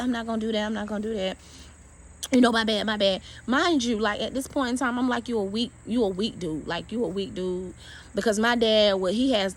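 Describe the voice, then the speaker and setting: Blunt, animated woman telling a story. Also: fairly high pitch, husky. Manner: blunt, profane, animated retelling with quoted dialogue. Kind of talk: casual storytelling to camera.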